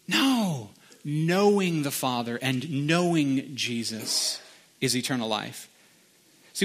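A man's voice: fairly high pitch, fairly bright tone. A middle-aged man, preaching a conversational sermon and slipping into sung lines. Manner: conversational storytelling with sung snippets. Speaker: pastor.

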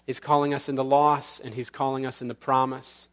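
A man pastor preaching a sermon in church, earnest with slow emphatic pauses, then leading the congregation in prayer. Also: mid-range voice, level tone, fairly bright tone, smooth. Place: church sanctuary.

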